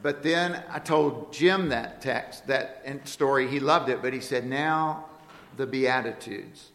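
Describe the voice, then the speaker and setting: A man's voice: medium pitch, measured pace, fairly bright tone, slight background noise. A man preaching a storytelling sermon in a church, playful and laughing at his own jokes. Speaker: guest preacher. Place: church sanctuary. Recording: echoey church hall.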